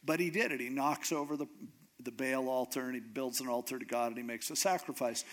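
A man's voice: medium pitch, a little fast. A man preaching in a casual, conversational way, retelling a story with dry humor. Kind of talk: sermon storytelling.

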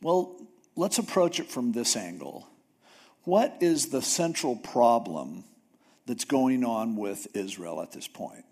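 A man's voice: mid-range voice, very animated, takes it slowly, a little mellow, husky. A man preaching a casual sermon in a conversational way, often acting out biblical figures. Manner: conversational, acts out Bible figures.

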